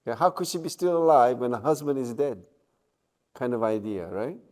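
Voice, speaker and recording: A man giving a university lecture, checking in with the class and pausing on fillers. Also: mid-range voice, expressive, a little mellow. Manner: slow, with many fillers and checking questions. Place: lecture room.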